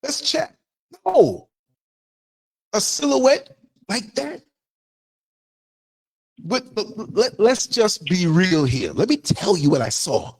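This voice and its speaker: A man's voice: high voice, animated, takes it slowly, creaky, pauses often, darkish tone. An older man from the United States, hosting a livestream and telling a story in a blunt, emphatic way. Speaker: podcaster host.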